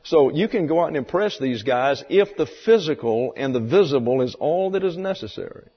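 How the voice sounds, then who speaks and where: Male Bible teacher, folksy lecture, husky voice, muffled hall recording. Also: on the high side. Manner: folksy, explanatory, rhetorical questions. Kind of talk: sermon lecture.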